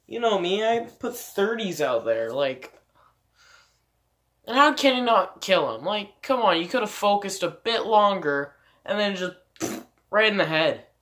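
A man's voice: high voice, expressive, unhurried, pushed and bright. A man giving casual game commentary, rambling and swearing with many fillers. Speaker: let's play gamer.

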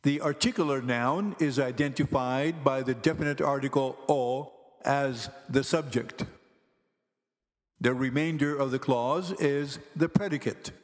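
A man teaching Greek grammar in slow, careful scripted narration, pronouncing each word deliberately. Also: mid-range voice. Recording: long hall reverb with faint music.

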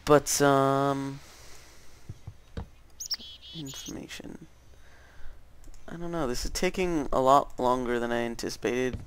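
A man's voice: medium pitch, lively intonation, slow, pauses often, slight background noise. A teenage boy rambling through casual gameplay commentary, full of fillers and self-corrections. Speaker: gaming channel host.

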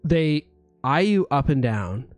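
A game master narrating a tabletop scene in a casual, halting way. His voice sits a bit high. The sound is dry and close. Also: sing-song, dry recording, faint music behind. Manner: casual, stumbling restarts.

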